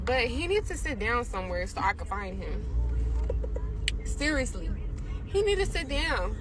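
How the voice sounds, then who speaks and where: A young woman vlogging on her phone outdoors on city streets, chatty and emotional, talking straight to her viewers. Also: fairly high pitch. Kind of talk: casual phone vlog. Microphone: phone camera at arm's length. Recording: loud street noise behind.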